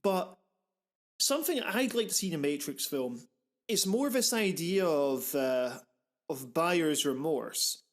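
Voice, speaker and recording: A man with a fairly high voice talks films on a podcast, rambling from one thought to the next. He gets animated and swears casually, and he fills the gaps with quick restarts. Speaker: podcast host. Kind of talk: casual film discussion.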